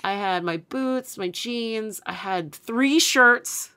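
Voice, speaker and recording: A woman co-hosting a casual podcast, telling animated stories with lots of fillers and laughter. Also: fairly high pitch, slow pace, smooth. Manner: animated storyteller, many fillers, laughs often. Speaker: podcast co-host. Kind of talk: casual chat.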